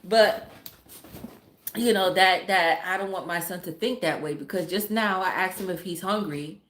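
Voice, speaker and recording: A woman's voice: lowish voice, normal speed, a bit bright, slight background noise. A mother from a Caribbean family chatting casually on a livestream, blunt and profane and laughing often. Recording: roomy echo.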